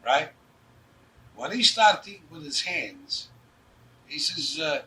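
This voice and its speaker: A man's voice: a little high, sing-song, a little slow, long pauses, pushed and bright. An older man with a New York accent telling blunt, streetwise stories in an interview, acting out the dialogue. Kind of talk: anecdotal storytelling. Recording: distant mic with faint background noise.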